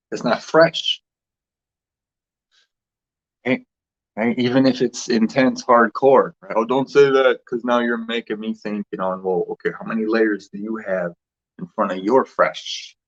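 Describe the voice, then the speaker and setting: A man's voice: on the low side, fairly bright tone, slightly rough, lo-fi sound. A man hosting a casual livestream, rambling loosely with restarts and fillers as he greets viewers. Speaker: livestream host.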